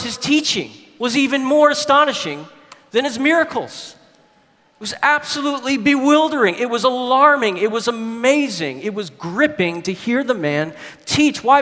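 A male preacher giving a sermon, emphatic and jumping up in pitch to stress key words. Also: pushed and bright. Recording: long hall reverb.

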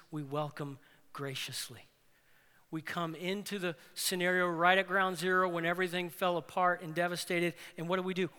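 A man preaching a sermon as pastor, animated, swinging between loud emphatic lines and hushed ones. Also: fairly high pitch, big-room sound.

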